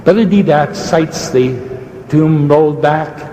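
A man preaching a sermon in a debate, fervent and fast-talking, swooping up high for emphasis and restarting mid-sentence. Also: dark tone, echoey room, long reverb tail, rough recording.

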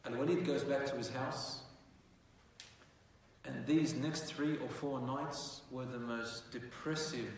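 A man telling a dramatic story as a sermon, going from hushed lines to loud, animated ones. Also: medium pitch, slow pace, distant mic, a little hiss or hum. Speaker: preacher. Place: mosque prayer hall. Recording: echoey hall, mic from afar.

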